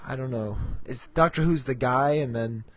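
A middle-aged man co-hosts a podcast in rambling, casual conversation, frequently laughing at himself and saying "um." His mid-range voice moves at a moderate pace, and the recording is dry.

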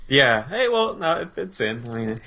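A man's voice: mid-range voice, pushed and bright. A man co-hosting a podcast in casual chat, easygoing, often laughing and restarting his sentences. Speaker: podcast co-host.

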